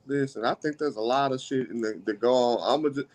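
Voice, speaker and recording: Rapper dude on a podcast, cocky and cussing, slangy, average pitch. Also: male voice, fairly quick, a little mellow, low-quality recording. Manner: brash, profane, slangy, boastful. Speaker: guest rapper. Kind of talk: casual chat.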